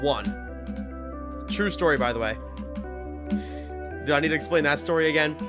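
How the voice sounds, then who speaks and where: A man chatting casually with his viewers during a live game stream, telling stories with sudden excited bursts. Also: fairly high pitch, a little fast, over music. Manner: excitable storyteller, talks to chat, loud bursts. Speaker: livestreamer. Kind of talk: casual live-stream chat while gaming.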